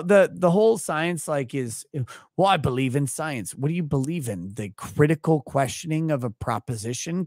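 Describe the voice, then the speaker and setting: A man hosting a livestream, brash and foul-mouthed, reading viewer messages aloud in loose, casual talk. His voice sits at an ordinary middle pitch. The sound is close and dry, with no room around it. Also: no room sound. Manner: crude, profane, brash. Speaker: livestream host.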